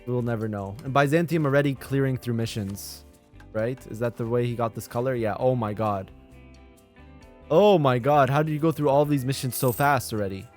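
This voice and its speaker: A man's voice: mid-range voice, a little fast, faint music behind. A man hosting a live strategy game stream, commenting eagerly to his chat and breaking into laughs. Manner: excitable, laughs and talks to chat. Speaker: streamer and lobby host.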